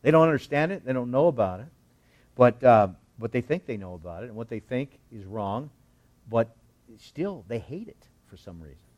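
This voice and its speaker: A man's voice: medium pitch, normal speed, highs cut off. A man preaching a sermon, teaching through a Bible passage verse by verse and acting out the characters' lines with sarcasm and frequent chuckles. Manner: animated, voices the scripture characters with sarcasm; chuckles often while teaching. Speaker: pastor.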